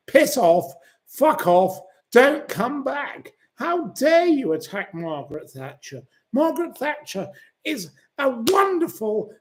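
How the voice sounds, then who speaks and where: A man hosting a livestream, reading viewer comments aloud and ranting and swearing at commenters. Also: very high voice. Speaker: channel host.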